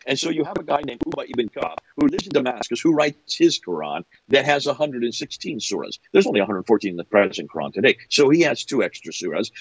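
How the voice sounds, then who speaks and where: A middle-aged man holds forth as a guest, his pitch leaping up and down as he builds his case. His voice has a light husky edge, and the sound is dry and close. He keeps asking, half incredulous, whether you are following. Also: no room sound, rough recording. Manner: incredulous, asks if listener follows. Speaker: guest speaker. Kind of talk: animated explanatory talk.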